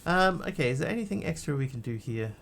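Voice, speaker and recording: A man's voice: on the high side, lively intonation, fast, gravelly, fairly bright tone, slight background noise. A man streaming a game, chatting casually and answering his chat as he plays. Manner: chatty, greets and answers chat while playing.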